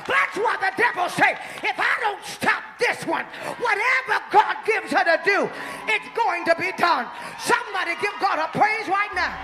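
A woman preacher giving a sermon, shouting and drawing out her phrases to urge the congregation to answer back. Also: extremely high pitch, faint music behind. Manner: shouting call-and-response preaching, drawn-out emphatic phrases.

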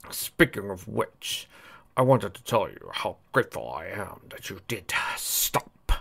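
A man voicing a calm, polished male stallion pony who speaks quietly and graciously. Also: lowish voice, unhurried, gravelly, husky, exaggerated voice. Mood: gentle.

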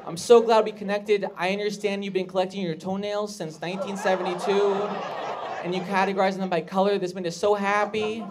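A man's voice: high-pitched, level tone, a little fast, pitched above the performer's own voice, lightly acted. A man voicing an eager, pushy male TV producer who gushes like a salesman. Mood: gushing. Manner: gushing, salesy. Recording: live club audience noise.

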